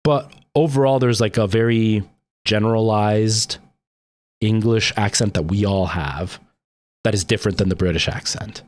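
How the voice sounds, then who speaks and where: A man's voice: on the low side, moderate pace, a little mellow, no room sound. A man with a Canadian accent, chatting casually with live-stream viewers and rambling along with plenty of "like" and "um". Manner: rambling, with frequent "like" and "um".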